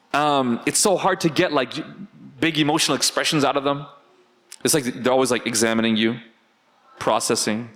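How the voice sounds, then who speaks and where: A man's voice: fairly high pitch, a bit bright. A man teaching a religious class in a conversational way, often asking the audience rhetorical questions.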